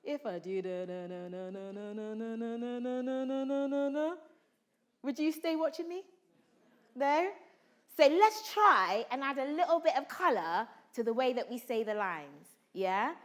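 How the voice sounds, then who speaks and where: In a big room full of people, an animated woman leads a drama workshop as an actor and coach. She calls out questions to the room in a high, unhurried voice.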